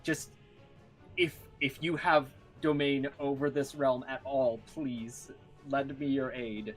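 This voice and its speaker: A man's voice: mid-range voice, steady tone, slow pace, faint music behind, lightly acted, poor audio. A man voicing a desperate male adventurer who prays and pleads while fleeing, in an exasperated tone. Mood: exasperated pleading.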